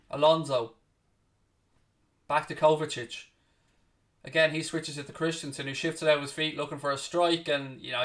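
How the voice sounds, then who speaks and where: The host of a live football watchalong has a mid-range, slightly bright voice picked up from a distance. Bluntly snapping at chat and swearing freely, he runs through rapid play-by-play, calling out every pass.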